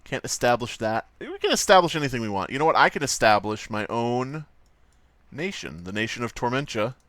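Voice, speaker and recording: This man's mid-range voice is fairly bright, moves quickly and swings widely in pitch, with no room sound at all. As a livestream host, he rambles and jokes while drawing, swearing freely throughout the casual chat.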